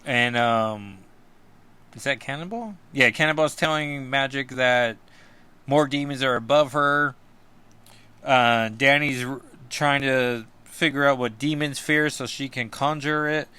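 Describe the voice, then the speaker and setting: A man's voice: mid-range voice, unhurried, sharp tone, clean tone. A man hosting a casual comic book recap, rambling and full of fillers and self-deprecating asides. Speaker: comic book podcast host.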